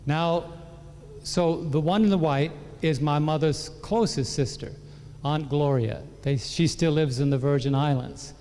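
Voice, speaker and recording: A man's voice: a little high, unhurried. A man gives a sermon-style personal testimony in a large hall, and his slightly raised voice carries a long echo. He tells the story with lots of animation and acts out the voices of the people in it. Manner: animated storytelling, acting out relatives' lines. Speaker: pastor. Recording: echoey hall.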